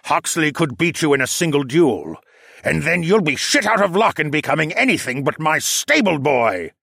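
A man's voice: a little high, big pitch swings, moderate pace, gravelly, pushed and bright, husky, no echo, clean studio sound, voice pushed up, full character voice. Huntington, a man doing a sneering old dragon lord. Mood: snarling. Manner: sneering, snarling. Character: older male dragon lord, fat, hateful and sneering.

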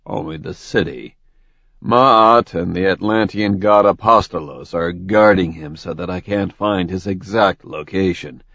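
A man's voice: sits low, unhurried, fairly bright tone, no echo, muffled recording, heavily acted. A man voicing a stern, ruthless male god who speaks coldly and curtly. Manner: cold, stern, clipped.

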